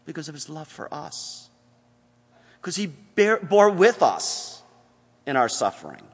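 A man delivers a sermon as pastor, his voice fairly high for a man and swinging widely in pitch. He moves from quiet, earnest passages to emphatic appeals. The sound carries the long reverb of a church hall. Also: sing-song, measured pace, slightly rough. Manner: earnest preaching, shifting from hushed to emphatic.

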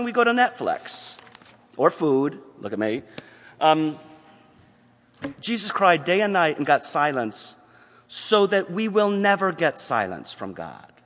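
A man preaching a sermon as pastor, earnest, moving between hushed passages and emphatic appeals. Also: on the high side, big-room sound.

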